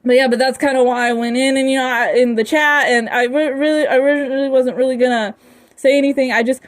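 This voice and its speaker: High-voiced young woman, halting and giggly. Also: steady tone. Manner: halting, many restarts, frequent giggling. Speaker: vlogger. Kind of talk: casual rambling vlog. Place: her room.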